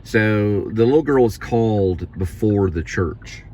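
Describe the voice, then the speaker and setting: A man with a fairly low voice talks to the camera from inside a vehicle in a loose, rambling monologue. He often slips into preachy, exhorting lines. Clear vehicle noise hums under his voice throughout. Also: lively intonation, unhurried, a little mellow. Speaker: vlogger and food delivery driver.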